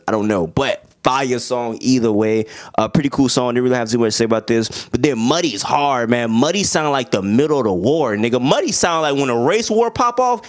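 A young man giving a casual, animated album review in heavy slang, breaking into bits of song along the way. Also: medium pitch. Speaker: music reviewer.

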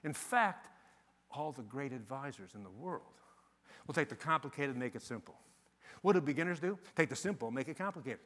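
An older man giving a live conference talk on sales, animated and joking as he tells stories. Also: medium pitch, fairly quick, big-room sound. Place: conference venue.

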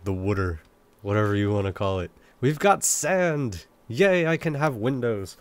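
A man's voice: lowish voice, expressive, measured pace, dry recording. Stuffy-nosed young man rambling over gameplay. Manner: rambling, self-mocking chatter to himself. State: congested from a cold, nasal and sniffly. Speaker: let's play gamer. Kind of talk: casual gameplay commentary.

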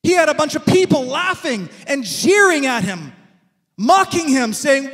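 A male preacher giving a sermon, telling stories in an animated way and asking rhetorical questions. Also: extremely high pitch, unhurried, husky, in a large hall.

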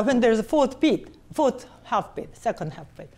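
A woman teaching a cello master class, coaching a student directly in halting phrasing and singing passages on syllables to show them. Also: high voice, lively intonation, darkish tone. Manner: sings phrases on syllables to demonstrate.

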